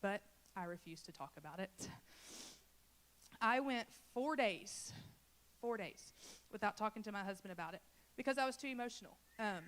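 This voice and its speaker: A woman's voice: medium pitch, quick pace, fairly bright tone. A woman from Louisiana who leads a church children's ministry, giving an earnest and emotional personal testimony and talking straight to the congregation.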